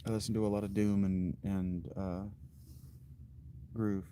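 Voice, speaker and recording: A man with a lowish, mellow voice hosts a livestream, answering his chat in a slow, dry, blunt way. He thinks out loud, trailing off and restarting his sentences. A faint hiss of noise sits under the recording. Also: flat delivery. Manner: unhurried, thinks aloud with fillers and restarts. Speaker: livestream host. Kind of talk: casual chat reading viewer comments.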